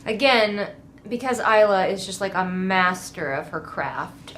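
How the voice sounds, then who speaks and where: Sarcastic lady ranting about a book she hates, swears a lot, mid pitch. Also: animated, unhurried, a bit bright, slight background noise. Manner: sarcastic, swears freely, mocks characters in voices. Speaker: book reviewer. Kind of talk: casual book critique.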